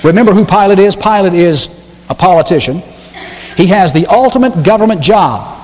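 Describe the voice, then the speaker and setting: A pastor preaches with emphasis, hammering his point by repeating key phrases and reading scripture aloud. His voice sits a bit high for a man. The sound carries the long reverb of a church sanctuary. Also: expressive, moderate pace, a little mellow. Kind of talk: sermon.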